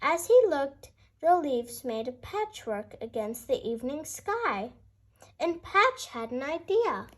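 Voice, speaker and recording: Gentle woman reading a bedtime story. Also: sits high, very animated, slow pace. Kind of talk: bedtime story read-aloud.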